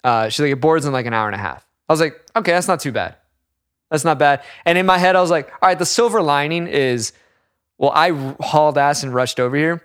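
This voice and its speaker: Animated, cursing young man telling a story. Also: on the high side, brisk, clean tone, dry recording, studio quality. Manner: animated, profane storytelling, acts out people. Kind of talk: casual chat.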